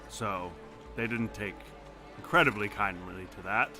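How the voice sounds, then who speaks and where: A man's voice: on the low side, measured pace, over music. A man playing his character in a tabletop game, dry and sarcastic. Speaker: player.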